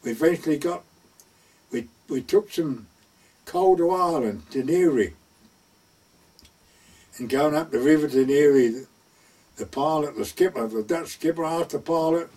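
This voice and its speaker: A man's voice: fairly high pitch, normal speed, long pauses, mellow, distant mic. An older man recounting his wartime years at sea in a rambling oral history, acting out what people said. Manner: rambling anecdotal, acts out quoted speech.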